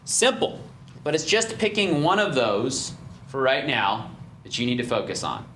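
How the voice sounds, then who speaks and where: Man, fitness trainer, nutrition seminar, upbeat encouraging talk, mid-pitched voice, roomy room sound, faint background hum. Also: sing-song, unhurried, bright, forceful tone. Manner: upbeat, encouraging, many "right?" and "okay?" checks.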